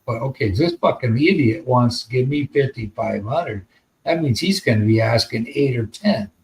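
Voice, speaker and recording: A man's voice: medium pitch, lively intonation, normal speed, creaky, low-quality recording. An American man telling a long, rambling story in casual podcast chat, with plenty of swearing. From United States. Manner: rambling, profane, laid-back. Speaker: podcast host.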